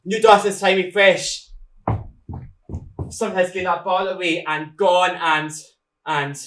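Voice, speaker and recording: A man's voice: high voice, fairly even intonation, slow, a bit bright, slight background noise. An actor playing a nervous male guard who brings bad news, hesitant and stammering with many ums and restarts. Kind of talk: stage play acting. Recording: echoey room.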